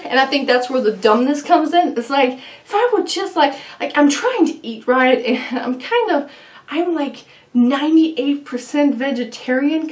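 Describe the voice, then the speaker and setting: A woman's voice: high voice, echoey room. A young woman chatting casually to camera, rambling with lots of fillers and giggles. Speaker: vlogger. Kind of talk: casual chat. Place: home room.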